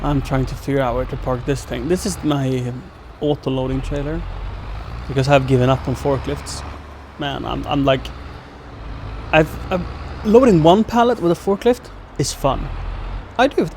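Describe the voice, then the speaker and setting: A man's voice: mid-range voice, normal speed, darkish tone, slight background noise. A young man from Sweden streaming a farming game, chatting casually and rambling with self-mocking asides. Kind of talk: casual gameplay commentary.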